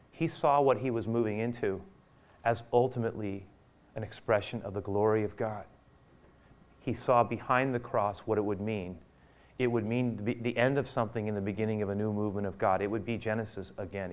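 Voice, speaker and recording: A man preaching a sermon, acting out scripture quotes and swinging from loud urgent peaks down to a hushed near-whisper. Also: on the low side, fairly even intonation, fairly quick. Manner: acts out quotes of biblical figures. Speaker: pastor.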